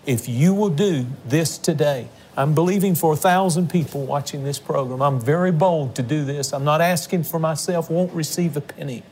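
A man's voice: a little high, moderate pace, few pauses, darkish tone, a little hiss or hum. A man hosting a religious television program, making an earnest, emotional fundraising appeal to viewers. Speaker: television ministry host. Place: on location.

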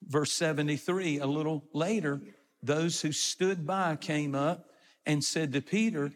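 A man's voice: on the high side, steady tone, unhurried, in a large hall. A man preaching a sermon, retelling scripture and explaining it in plain everyday words. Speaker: pastor.

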